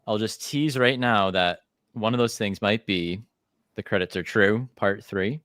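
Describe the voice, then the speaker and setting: A man's voice: on the low side, measured pace, a bit bright, no echo, clean studio sound. A man hosting a livestreamed podcast, chatting casually in an easygoing, rambling way. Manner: easygoing, rambling, self-deprecating. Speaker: podcast host.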